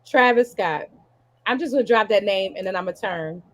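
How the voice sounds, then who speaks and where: A woman hosting and comedian, running a lively podcast chat over a video call with hyped, repetitive call-outs to the audience. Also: medium pitch, moderate pace. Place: Baltimore.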